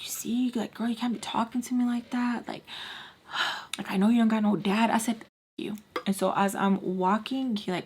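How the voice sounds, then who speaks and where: A woman vlogger telling a personal story straight to her viewers, chatty and loose, with "like" and "you know" in nearly every breath. She is blunt and swears freely, and her voice sits at an ordinary middle pitch. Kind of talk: casual storytelling to camera.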